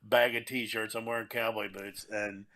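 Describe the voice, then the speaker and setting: A man hosting a podcast, telling a comedy-club anecdote in casual chat with quick asides. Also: fairly low pitch, flat delivery, pushed and bright.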